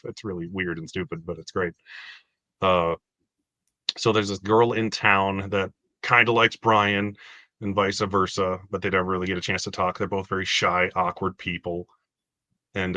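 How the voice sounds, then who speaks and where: A man's voice: low voice, sharp tone, dry recording. A man chatting casually about a film on a video call, rambling with lots of fillers. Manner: rambling, filler-heavy, laughs often. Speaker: co-host reviewing movies. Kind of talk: casual movie review chat.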